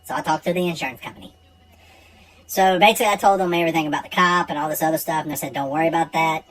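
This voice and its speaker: A man's voice: a little high, very fast, fairly bright tone, poor audio. A man telling a true personal story in a casual, blunt and profane way.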